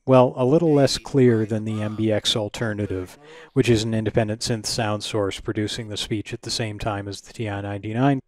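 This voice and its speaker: A man's voice: mid-range voice, a little mellow, no room sound. A man hosting a retro computing channel, narrating a scripted review in a dry, wry, analytical way.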